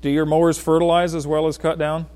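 A man preaching a sermon in a folksy, joking way, talking straight to people in the congregation and swinging from loud emphasis to quiet asides. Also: fairly high pitch, level tone, quick pace, clear, resonant tone. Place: church.

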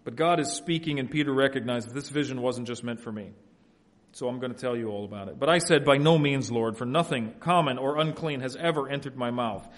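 A man preaching an expository sermon, shifting between quiet, folksy asides and loud, emphatic passages. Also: mid-range voice, a little fast. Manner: folksy family anecdotes, laughs at own stories. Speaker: pastor.

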